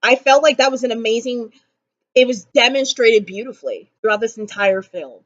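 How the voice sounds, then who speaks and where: A young woman vlogger ranting casually about a movie, animated and exasperated, with dramatic pauses. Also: a little high. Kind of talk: casual movie reaction rant. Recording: slightly dull lo-fi sound.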